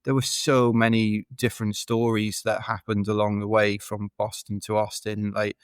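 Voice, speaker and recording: A man's voice: fairly low pitch, monotone, moderate pace, clear, resonant tone, no room sound. A man from the United Kingdom, a podcast guest, telling rambling, chatty stories full of fillers in a casual interview. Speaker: podcast guest, ultra runner.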